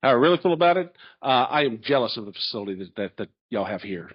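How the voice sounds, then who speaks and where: Animated middle-aged man, lo-fi. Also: medium pitch, quick pace. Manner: animated storytelling, folksy. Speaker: chancellor candidate. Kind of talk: public Q&A presentation. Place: large hall. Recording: dull lo-fi audio.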